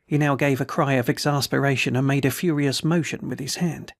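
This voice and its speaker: A man reading a novel aloud in a steady, measured narration. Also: mid-range voice, creaky, no room sound, clean studio sound. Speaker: audiobook reader. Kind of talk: scripted narration.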